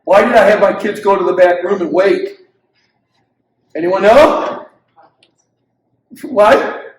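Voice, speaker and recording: An older man teaching parents as a pastor, animated and acting out quotes from children and parents, in a church hall. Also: high-pitched, slow pace, recorded from a distance. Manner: animated preacher who acts out quotes of kids and parents. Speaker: pastor leading a parenting session.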